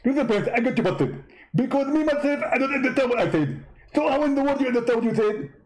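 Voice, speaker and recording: A man doing a mocking impression of a boastful, taunting male preacher in a high voice. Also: expressive, noisy background. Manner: boastful, taunting, fast rambling.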